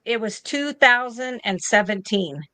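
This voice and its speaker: A woman's voice: on the high side, animated, a little slow, bright, forceful tone, no room sound. A woman in her fifties, an interview guest and nurse from the United States, telling a story in a casual way and acting out both sides of each conversation.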